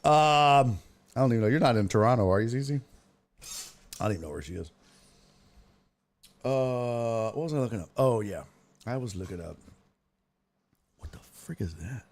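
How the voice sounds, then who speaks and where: A sports talk show host runs a casual stream from a desk mic, reading viewer chat aloud and cracking profane jokes in an animated way. His voice sits at medium pitch, moving at normal speed with frequent pauses.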